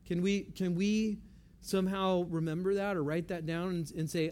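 A man's voice: high-pitched, steady tone, normal speed, darkish tone. Man preaching a conversational sermon. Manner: conversational preaching, repeats phrases for emphasis. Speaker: pastor.

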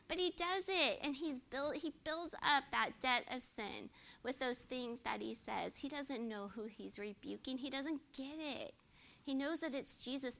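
A woman giving a casual, expressive Bible teaching, often checking in with her listeners. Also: a little high, gravelly. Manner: chatty and expressive, often adds "right?".

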